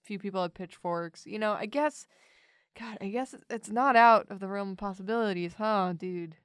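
A woman's voice: medium pitch, normal speed, clear, resonant tone, no echo, studio quality. A young woman chatting casually while drawing, teasing and joking. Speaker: show artist.

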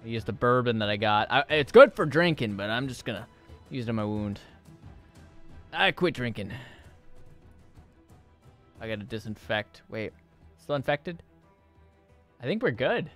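With faint music in the background, a young man streams a game for the first time, speaking a little slowly with long pauses in a medium-pitched voice with lively intonation. His live commentary to himself and chat is panicky, laced with swearing and startled yelps and shouts.

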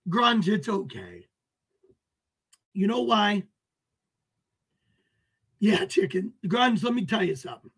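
A man hosts a livestream, hurling profane taunts at his chat and calling out viewers by name. His voice sits very high and sounds bright and sharp. He drags his words out slowly. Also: husky. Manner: greets and answers viewers by name. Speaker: livestream host. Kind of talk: ranting livestream talk to chat.

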